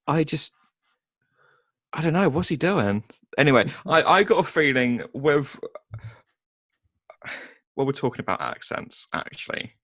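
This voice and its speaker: A man's voice: fairly high pitch, sing-song, measured pace, pauses often, fairly bright tone, no echo, clean studio sound. A man co-hosting a casual film review chat, hesitant with many ums and restarts, and sarcastic. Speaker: podcast co-host.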